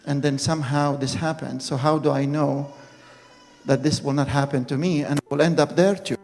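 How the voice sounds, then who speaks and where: A man preaching a personal testimony sermon, telling his story in an earnest, halting way and re-enacting moments dramatically. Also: a little high, fairly even intonation, a little mellow. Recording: reverberant hall with faint music.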